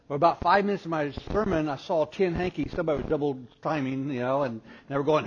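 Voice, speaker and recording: At a parenting conference, a man preaches humorously to an audience in the hall, spinning stories and acting out the voices of the people in them. His voice is a bit high for a man and quick, with few pauses. The lo-fi recording is dull and muffled, with a faint hiss.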